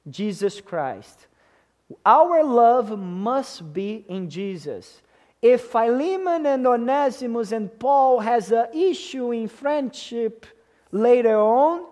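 Guy preaching in church, kinda high pitched, takes his time, leans hard on key words and keeps asking "right?". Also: darkish tone. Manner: emphatic, asks the congregation questions. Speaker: pastor. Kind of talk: sermon.

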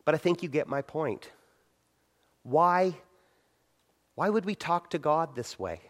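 A man's voice: on the high side, animated, slow. Man preaching in a conversational sermon. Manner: conversational preaching with acted-out quotes. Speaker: pastor.

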